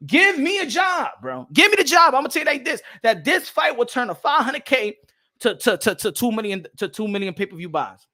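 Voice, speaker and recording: Loud high-voiced trash-talking man. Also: big pitch swings, unhurried, long pauses. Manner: loud, repetitive, trash-talking, keeps asking "huh?". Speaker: boxing channel host. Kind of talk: casual rant to camera.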